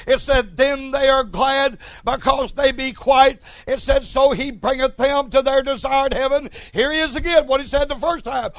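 A man preaching a fiery sermon, asking "is that right" over and over and breaking into shouts. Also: very high-pitched, moderate pace, hardly any pauses, dry recording. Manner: rhythmic, repeats "Is that right?", bursts into shouts.

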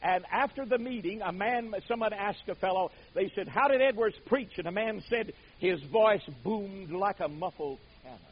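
An older man preaching a sermon, telling stories dramatically, booming out some words and dropping others to a hush. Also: normal speed, hardly any pauses, highs cut off, slight background noise. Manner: dramatic storytelling, swings from booming to hushed.

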